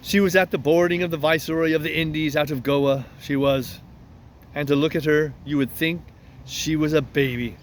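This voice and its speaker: A man's voice: a little high, fairly even intonation, normal speed, slight background noise, lightly acted. A man playing a crafty old one-legged ship's cook, talking in a coaxing, folksy sailor's way in a storybook reading.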